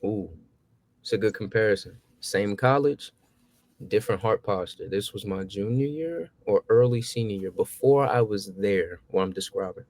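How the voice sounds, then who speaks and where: A man's voice: normal speed, dry recording. A young man, telling stories in a casual chat and acting out his past exchanges. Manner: animated, acts out his own past exchanges with rising pitch. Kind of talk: casual storytelling.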